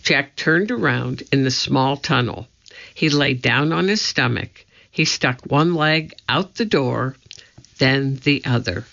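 Slow, gravelly storybook narrator. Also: medium pitch, expressive, fairly bright tone, dull audio. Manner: measured, deliberate reading. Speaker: audiobook narrator.

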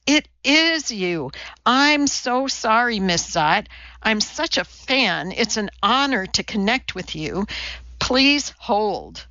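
Lady doing a gushy secretary fan, breathy and starry-eyed, kinda muffled audiobook sound. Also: fairly high pitch, very animated, takes it slowly, pushed and bright, no echo, full character voice. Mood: starstruck. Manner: breathless, starstruck. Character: gushing young woman secretary.

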